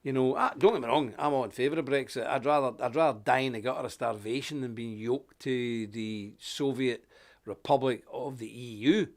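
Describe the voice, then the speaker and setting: A man presenting a live online show, talking in an animated, folksy rant while unwell with a stuffy nose. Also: mid-range voice, moderate pace. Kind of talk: live broadcast chat and rant.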